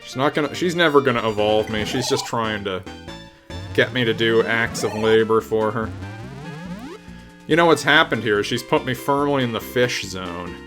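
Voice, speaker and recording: A man's voice: mid-range voice, moderate pace. A man streaming a retro game live, talking casually to his chat with wry, self-mocking jokes and free swearing. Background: game music.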